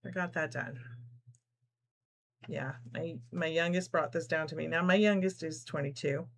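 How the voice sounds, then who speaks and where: Deep and steady, her voice takes an unhurried pace. The middle-aged woman from New Jersey chats casually on a live sewing stream, laughing frequently and sharing viewers' comments as she stitches.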